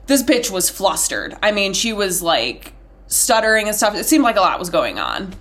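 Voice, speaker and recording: A young woman in her twenties telling a long family story on a podcast in a casual, profane, animated way. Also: mid-range voice, moderate pace. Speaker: podcast co-host.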